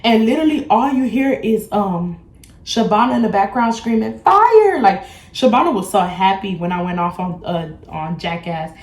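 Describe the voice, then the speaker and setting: A young woman in her twenties telling a casual storytime vlog, blunt, profane and animated. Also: medium pitch, normal speed. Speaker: beauty vlogger. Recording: echoey room.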